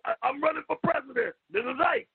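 A man talking on a radio show, loud and profane, stammering and repeating himself, sometimes shouting. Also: extremely high pitch, fast talker, gravelly. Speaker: call-in guest. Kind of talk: loud rambling radio talk. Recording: lo-fi phone line.

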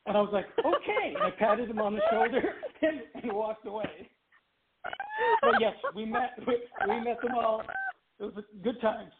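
A middle-aged man from Canada who tells stories in an animated way and laughs often. His voice sits high for a man. The sound is narrow and tinny, like it came down a phone line. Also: moderate pace, very noisy. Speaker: guest, former child pop singer. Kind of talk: casual interview storytelling.

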